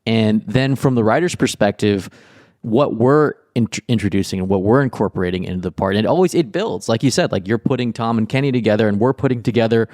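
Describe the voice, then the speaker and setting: A man's voice: lowish voice, fast talker, a little mellow, dry recording, clean studio sound. A man co-hosting a podcast, chatting casually in an enthusiastic, rambling way with many restarts. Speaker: podcast co-host and former writer. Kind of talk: casual chat.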